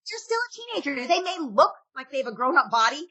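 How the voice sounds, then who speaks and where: A woman's voice: sits high, very animated, fast, sharp tone. A middle-aged woman, a parenting expert, giving advice in a casual podcast interview and acting out parent and kid lines.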